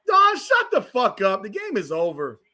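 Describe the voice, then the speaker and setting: A man's voice: high-pitched, huge pitch swings, moderate pace, pushed and bright. A man from South Florida hosting a live watch-party podcast, ranting profanely and heatedly over the game. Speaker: podcast host.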